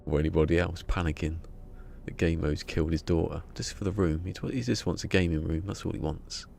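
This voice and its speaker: Gravelly deep-voiced man streaming. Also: fairly even intonation, fairly quick, a little mellow, slight background noise. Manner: joking, rambling, laughs often. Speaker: live streamer. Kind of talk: casual live stream chat.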